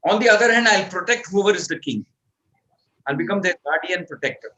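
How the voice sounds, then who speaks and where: A man's voice: high-pitched, animated, brisk, sharp tone, rough recording. A man voicing a young prince who makes firm, earnest vows, in a spoken story from a scripture class. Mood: solemn. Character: young male prince making a solemn vow.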